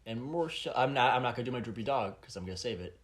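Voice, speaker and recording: A man's voice: medium pitch, animated, very fast. A young man co-hosting a casual podcast, teasing and mock-serious. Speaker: podcast co-host. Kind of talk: casual banter.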